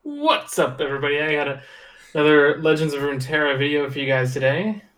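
A man's voice: lively intonation, quick pace, fairly bright tone. A man imitating an overexcited gaming video host. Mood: hyped. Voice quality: high, exaggerated hype-up delivery.

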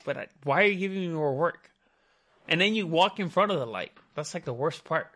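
A man hosting a laid-back podcast in a home setup, talking in a rambling, profane way. His voice sits a little high and swings widely in pitch. He jumps between topics with loose, swearing chatter. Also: lively intonation, fairly quick, bright, forceful tone. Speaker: podcast host. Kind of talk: casual podcast chat. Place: home podcast set with green screen.

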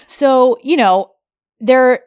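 Woman podcast co-host, animated and chatty, dry close sound. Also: sits high, extremely slow, clear, resonant tone, dry recording. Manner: animated, chatty, lots of fillers. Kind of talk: casual chat recapping a TV series.

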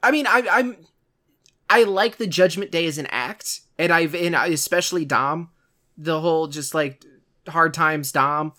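A man's voice: a little high, unhurried, pushed and bright. A man co-hosting a podcast, chatting casually and rambling with lots of asides. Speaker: podcast co-host. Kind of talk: casual chat.

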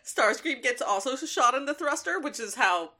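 Bright-voiced woman fan on a podcast. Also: sits high, expressive, moderate pace. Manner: enthusiastic, filler-heavy fan talk. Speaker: podcast co-host. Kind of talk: casual chat.

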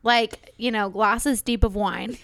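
A woman's voice: fairly high pitch, fairly even intonation, takes it slowly, creaky, fairly bright tone, no room sound. A young woman in her twenties, co-hosting a casual chat, laughing often and swearing freely as she gives joking advice. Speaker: podcast co-host.

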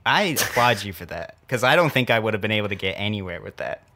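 A man's voice: fairly low pitch, lively intonation, quick pace, sharp tone. A man co-hosting a podcast in casual chat, rambling and chatty, laughing easily. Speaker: podcast co-host.

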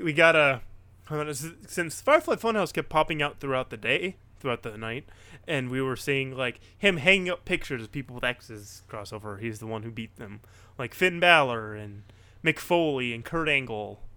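A man co-hosting a casual wrestling chat, excitable and rambling, with lots of restarts. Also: medium pitch, clean tone, dry recording. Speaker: podcast co-host.

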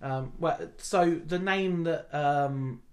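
A man's voice: a little high, slow. A man co-hosting a casual podcast chat, rambling and hesitant with many ums, wry and given to swearing. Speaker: podcast co-host.

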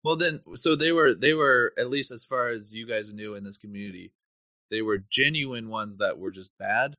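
A man's voice: fairly low pitch, moderate pace, sharp tone, no room sound. A man co-hosting a casual comedy podcast, rambling through his stories and trailing off mid-sentence. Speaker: podcast co-host.

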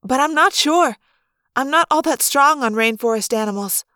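A woman voicing a gentle, thoughtful teenage girl who speaks hesitantly. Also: high voice, lively intonation, moderate pace, clean tone, no room sound, studio quality, voice pushed up. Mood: unsure.

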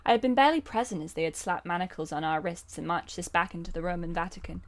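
A woman's voice: on the low side, fast. A woman reading a novel aloud as a comedy bit, often breaking into laughter. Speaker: reader.

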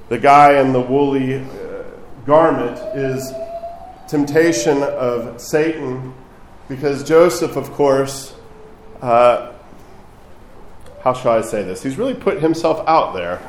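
A man's voice: fairly high pitch, echoey room, slight background noise, poor audio. A man preaching a sermon as a priest, speaking conversationally and adding light asides.

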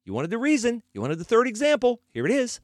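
A man's voice: extremely high pitch, huge pitch swings, fast, a little hiss or hum. A man hosting sports talk, arguing his point with rhetorical questions and sarcastic emphasis. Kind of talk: opinionated sports commentary.

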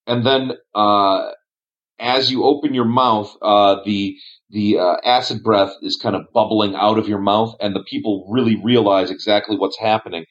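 A man's voice: lowish voice, steady tone, normal speed. A man narrating a tabletop game as game master, describing scenes with frequent fillers. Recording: dull lo-fi audio.

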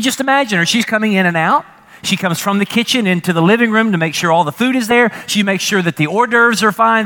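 A man preaching a sermon as pastor, animated and humorous, with frequent rhetorical questions to the congregation. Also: very high voice.

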